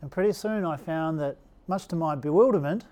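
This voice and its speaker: A middle-aged Australian man talks in a fairly high, slightly raised register, brisk and mellow, on a lo-fi recording. He relates a personal story in a relaxed, anecdotal way, putting on the voices of the people he quotes.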